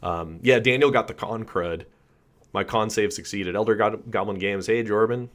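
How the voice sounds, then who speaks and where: A man hosts a relaxed live stream, talking loosely and greeting viewers in the chat by name. His voice sits a bit low and is still a little rough. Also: normal speed. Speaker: channel host.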